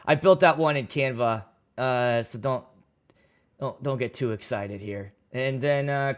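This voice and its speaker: A DJ and livestream host with a medium-pitched voice speaks slowly, swinging hugely in pitch and leaving long pauses. Into a studio microphone, he reads viewer comments aloud and rambles through loose, crude jokes on his casual stream.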